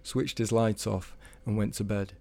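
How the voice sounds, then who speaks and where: A man telling a comic story in a measured, deadpan way. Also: fairly low pitch, gravelly, background noise. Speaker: storyteller guest.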